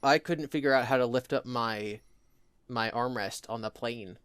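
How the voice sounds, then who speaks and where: Co-hosting a podcast, a young New Jerseyan with a New Jersey accent rambles through casual chat, laughing frequently. His medium-pitched voice moves at a moderate pace, with a fairly bright, clean tone and no room sound.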